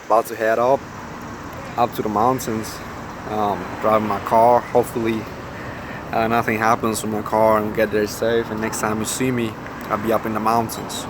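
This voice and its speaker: A man's voice: fairly low pitch, little pitch movement, normal speed. A young man vlogging casually while putting on a southern American accent, rambling about his trip. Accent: put-on southern American. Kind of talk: casual vlog talk to camera. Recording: noisy phone vlog audio.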